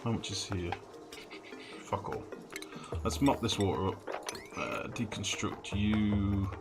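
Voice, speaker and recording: A man's voice: lowish voice, fairly even intonation, slow pace. A man giving casual live commentary while playing a game, thinking aloud, swearing freely and chatting with his viewers. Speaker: gaming streamer. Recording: game music under the voice.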